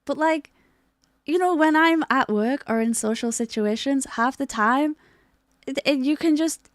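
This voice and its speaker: Speaking a little slowly, a young woman streams live over a dry, studio-grade recording. She greets her viewers with great excitement and keeps up a bubbly, rambling chatter laced with casual swearing.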